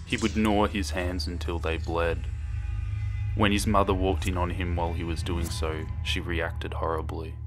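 A young man reading a horror story aloud in a calm, measured narration, recorded as a voice-over. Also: low-pitched.

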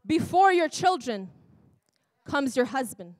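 A woman's voice: high-pitched, very animated, takes it slowly, no echo. A woman preacher delivering a sermon in a church, often laughing, breaking off and exclaiming to herself. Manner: laughing, self-interrupting, exclamatory.

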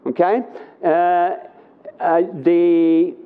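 Teaching the Bible at a live conference, this middle-aged man keeps a level tone and a relaxed, conversational pace, frequently pausing to ask "okay?". The sound is thin and tinny as if over a phone, and his voice sits a little high for a man.

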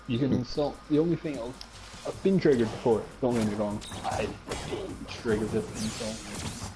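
A Scottish man chats over a game stream, telling lively anecdotes and swearing freely. His voice sits at an ordinary middle pitch. Game music plays clearly behind him. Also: moderate pace, rough recording. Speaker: co-player on a stream. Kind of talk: casual chat while streaming a game.

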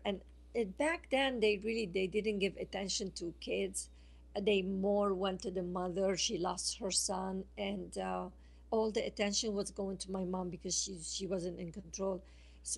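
Woman guest on a radio phone-in, slow halting talk, gravelly and husky. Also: mid-range voice. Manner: slow, halting, with many fillers and restarts. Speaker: guest author and speaker. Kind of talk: telling a personal story on a radio call-in. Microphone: phone line.

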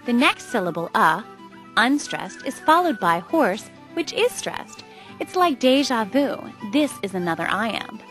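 A woman narrates an educational lesson with a bright, higher voice that swings up and down. She plays up the stressed syllables with a teasing touch, and quiet music runs underneath. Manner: playful, stresses syllables for effect.

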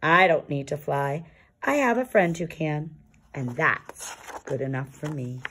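A woman voicing a curious, easily startled young male polar bear in a children's storybook, gentle and earnest. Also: deep voice, measured pace, a little hiss or hum.

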